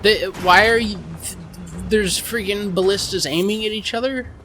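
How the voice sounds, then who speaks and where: A man's voice: high-pitched, normal speed, pushed and bright, slight background noise. A man giving casual, rambling commentary while playing a game, mocking himself and swearing freely as he goes. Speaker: gaming channel host.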